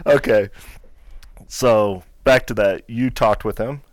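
A man's voice: fairly low pitch, takes it slowly, no room sound. A man hosting a podcast interview in a chatty, agreeable way, often relating his own experience. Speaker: podcast host. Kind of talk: casual interview chat.

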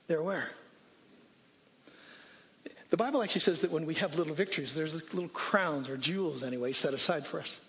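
An animated male preacher with a high, lively voice that leaps up and down in pitch. He shouts his scripture quotes, then drops into soft, conversational asides to the congregation. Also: vocal fry. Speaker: pastor. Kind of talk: sermon.

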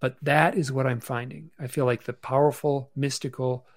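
A man speaks over a video call from his bedroom, his voice gravelly with a bit of fry. He tells his story casually and haltingly, restarting phrases and filling gaps with "um". The sound is dry and close, with no room around it. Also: medium pitch, steady tone, dry recording. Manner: halting, many restarts and fillers. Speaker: podcast guest. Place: bedroom at home.

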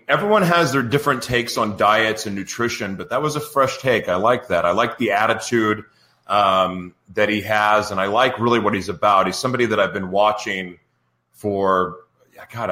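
Male host of a live radio show, bright voice, roomy studio, chatty and rambling. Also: lowish voice. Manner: rambling, chatty, talks to live viewers by name. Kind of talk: casual live radio talk.

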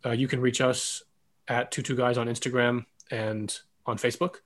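A man with a middle-pitched, slightly husky voice hosts a podcast. He keeps things relaxed and chatty, telling stories casually and nodding along with quick affirmations. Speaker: podcast host. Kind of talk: casual conversational interview.

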